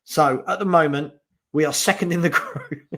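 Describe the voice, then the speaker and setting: Fan-stream host, male, somewhat high voice, casual and fed up, swears freely. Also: moderate pace, fairly bright tone. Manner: exasperated, swearing, chatty with viewers. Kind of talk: casual live football chat.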